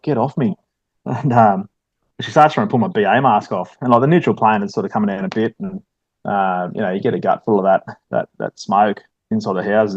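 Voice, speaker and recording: An Australian firefighter, a station officer appearing as a guest, tells stories in a laid-back interview style full of "um"s and "mate"s. His voice is lowish and darkish in tone, and the recording is lo-fi with no room sound.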